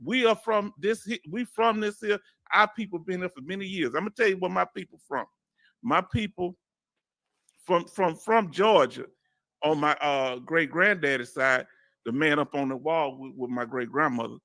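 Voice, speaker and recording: A man's voice: a little high, normal speed, sharp tone, no echo. Southern Texas male host, folksy reader of viewer comments, dry close sound. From Houston, Texas. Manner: folksy, reads comments aloud and chats directly to viewers. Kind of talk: casual livestream chat.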